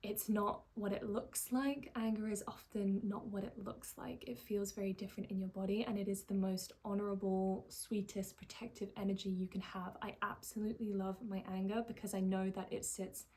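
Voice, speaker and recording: In a thoughtful, unhurried monologue, a woman who works as a life coach speaks with a medium pitch. When she emphasizes something, her voice turns slower and gentler.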